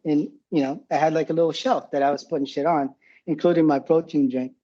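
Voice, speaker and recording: Profane, laughing man with a husky voice. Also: fairly high pitch, steady tone, brisk, warm tone, dull audio. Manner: profane, rambling, laughs often. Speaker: podcast guest, former combat medic. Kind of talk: casual war storytelling.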